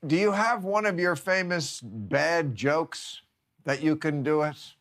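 A man's voice: fairly high pitch, slow pace, a bit bright. A man hosting a talk show, teasing his guest and laughing often.

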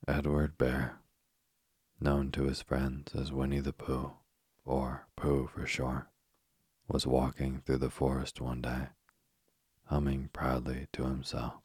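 A man reading a children's storybook aloud as narrator, calm and unhurried. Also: extremely low pitch, slightly rough, dry recording, clean studio sound.

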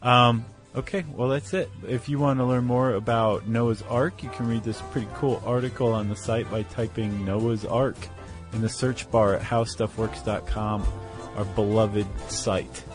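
A man's voice: fairly low pitch, moderate pace, over music. A man co-hosting a podcast, chatting casually and laughing easily. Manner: relaxed, conversational, laughs easily. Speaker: podcast co-host.

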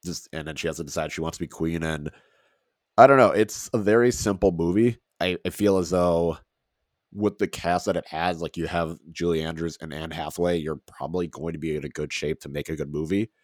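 Very deep-voiced casual podcast man. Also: fairly quick, no room sound, clean studio sound. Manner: rambling, laughs often. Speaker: podcast co-host. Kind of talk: casual chat.

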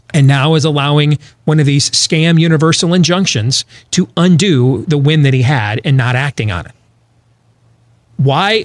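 Man, talk show host, political commentary, emphatic, rhetorical questions, somewhat high voice. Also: dry recording.

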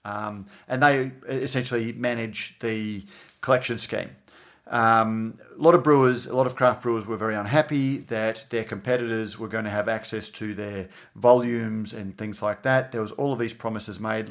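Animated Australian man telling a story. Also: on the low side, normal speed. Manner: animated storytelling, acts out quoted dialogue. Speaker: podcast co-host, journalist. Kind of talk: casual podcast chat.

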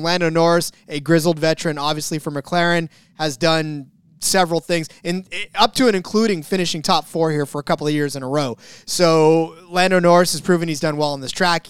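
A man's voice: high-pitched, fairly bright tone, clean tone, no echo, studio quality. A man co-hosting a sports betting podcast in casual chat, rambling and joking, often restarting his sentences. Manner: rambling, self-correcting, jokey. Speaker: podcast co-host.

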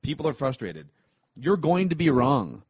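A man's voice: mid-range voice, big pitch swings, normal speed, husky, no room sound. A man co-hosting a sports podcast in casual chat, joking and ranting. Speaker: podcast co-host.

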